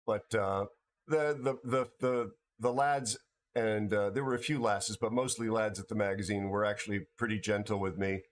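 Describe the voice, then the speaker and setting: A man's voice: fairly low pitch, steady tone, moderate pace, a little hiss or hum. A tired man hosting a livestream, chatting casually with viewers and often stumbling over and repeating his words. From United States. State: tired from no sleep. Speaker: livestream host.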